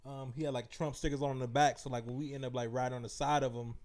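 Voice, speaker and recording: Fast-talking young man. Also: mid-range voice, steady tone, darkish tone. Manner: blunt, profane storyteller. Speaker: podcast co-host. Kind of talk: casual chat.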